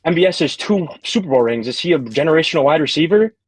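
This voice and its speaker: Male debater, husky, dry close sound, hesitant and filler-heavy, casual live podcast. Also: a little high, animated, fast, no echo, low-quality recording. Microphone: AirPods.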